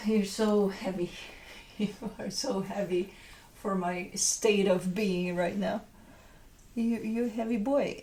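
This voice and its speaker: A woman host chatting casually and talking baby talk to her pets, with frequent laughter and a doting manner. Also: mid-range voice. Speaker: tarot reader host. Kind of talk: casual chat.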